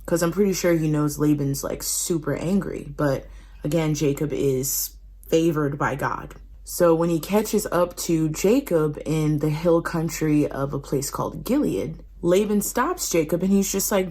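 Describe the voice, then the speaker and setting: A woman's voice: low-pitched, unhurried, dark tone, breathy edge. A woman casually retelling a Bible story in a slangy, conversational way. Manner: slangy, conversational, laughing asides. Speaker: host retelling Bible stories.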